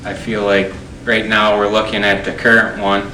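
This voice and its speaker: A man running for highway superintendent, answering slowly and hesitantly. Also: slight background noise. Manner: slow, flat, hesitant. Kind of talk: unscripted forum answer. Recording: roomy hall, far from mic.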